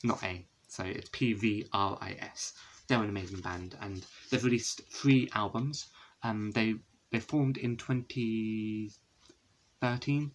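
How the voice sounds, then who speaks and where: A man's voice: fairly low pitch, slow, slight background noise, low-quality recording. Chatty young man, rambling. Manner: rambling, chatty, many fillers and self-corrections. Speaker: vlogger. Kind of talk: casual video showing his CD collection. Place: indoors, a room at home with a window.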